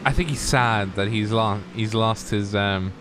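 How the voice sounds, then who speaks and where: A man's voice: fairly low pitch, unhurried, noisy background. Opinionated male co-commentator. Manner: opinionated, jokey, laughs at crashes. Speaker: sim racing co-commentator. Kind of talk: live race commentary chat.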